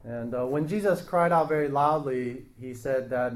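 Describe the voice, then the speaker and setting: A man preaching a sermon in a slow, earnest way, pausing and restarting his phrases. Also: medium pitch, a little hiss or hum.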